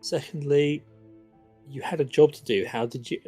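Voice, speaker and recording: A man's voice: on the high side, fairly even intonation, normal speed, mellow, soft background music, close to an everyday voice. A man voicing a stern, commanding general who scolds a soldier.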